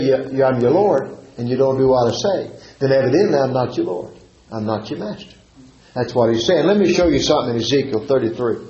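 A man's voice: medium pitch, darkish tone. Preacher guy, sermon in an echoey room, kinda dull muffled sound. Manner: reads scripture in King James wording, then preaches with rising emphasis. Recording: roomy, slightly dull recording with faint noise.

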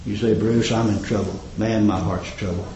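A man's voice: steady tone, normal speed, dark tone, slight background noise. Male preacher, impassioned sermon, echoing room, slightly muffled sound. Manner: impassioned, rising to high exclamations. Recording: roomy, slightly dull recording.

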